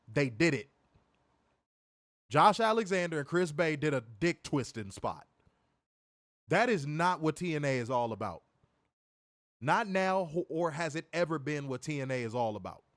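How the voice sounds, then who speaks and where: A man's voice: on the high side, dry recording. A man hosting a wrestling review stream, ranting in a profane, mocking, emphatic way. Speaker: wrestling show host. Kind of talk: casual profane rant on a livestream.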